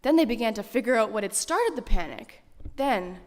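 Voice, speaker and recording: A woman reads a children's story aloud with animated, expressive delivery. Her voice sits fairly high. It carries through a large chapel with a long echo. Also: moderate pace. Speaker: story reader. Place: school chapel. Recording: reverberant chapel.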